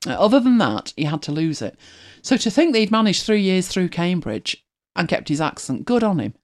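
She talks fairly quickly in a sing-song voice on the low side. A middle-aged woman from Manchester, England, with a mild accent, she hosts a relaxed chat full of rambling and laughter, reading listener comments aloud.

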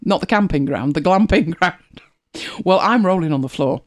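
A host chatting casually and retelling a TV scene, animated and laughing often. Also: medium pitch, moderate pace. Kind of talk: casual storytelling chat.

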